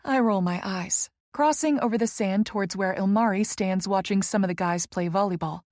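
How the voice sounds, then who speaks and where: Woman narrator for a romance audiobook, expressive, mid pitch, dry close sound. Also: normal speed, dry recording.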